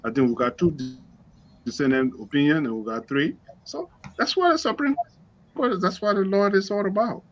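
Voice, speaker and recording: A man's voice: sits high, moderate pace. Evasive man on dull lo-fi audio. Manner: evasive, chuckling, repetitive. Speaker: panel guest. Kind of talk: political panel debate.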